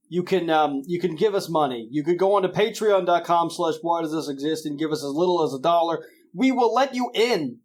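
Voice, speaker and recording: A young man hosting a podcast in a rambling, jokey, self-deprecating way. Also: high-pitched. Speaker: podcast host. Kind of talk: casual podcast chat.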